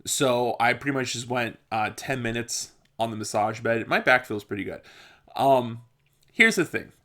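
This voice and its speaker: A man's voice: medium pitch, lively intonation, moderate pace, sharp tone. A young man vlogging, telling casual stories in a chatty way, swearing now and then and often breaking into laughter. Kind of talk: casual storytelling monologue.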